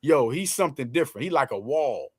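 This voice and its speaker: A man hosting a casual sports talk show, talking in loose slang with lots of quick restarts. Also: medium pitch, animated, slightly rough, dry recording, clean studio sound.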